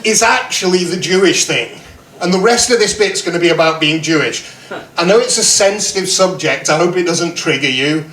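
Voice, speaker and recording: A man's voice: high voice, brisk, sharp tone. A man in his fifties doing a self-deprecating stand-up set, quizzing the audience. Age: 50s. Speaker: stand-up comedian. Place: pub comedy room. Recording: roomy pub sound from far off.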